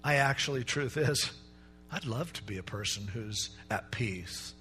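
Man, pastor, sermon, conversational, acts out quoted voices, bright tone. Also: mid-range voice, expressive, unhurried, faint music behind.

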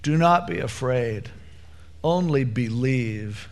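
A man voicing a calm, gentle male teacher who speaks softly and slowly to reassure. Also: mid-range voice.

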